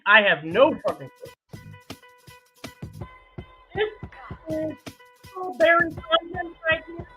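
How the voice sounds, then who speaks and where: A woman hosting a reaction commentary video, swearing freely and breaking into laughter. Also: high voice. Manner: profane, laughing, animated. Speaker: commentary host. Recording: tinny phone-like sound.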